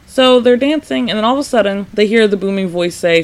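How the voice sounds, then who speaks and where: High-voiced chatty man podcasting. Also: a little fast. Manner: chatty, says "like" often, laughs a lot; animated, acts out characters' lines. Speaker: podcast host. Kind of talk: casual solo podcast retrospective.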